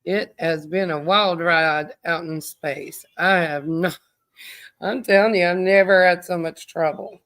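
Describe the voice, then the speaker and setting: Unhurried, smooth-voiced woman. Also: on the low side, fairly even intonation, fairly bright tone. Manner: rambling, chatty, greets viewers by name. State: tired. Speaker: true crime livestream host. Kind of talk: casual livestream chat.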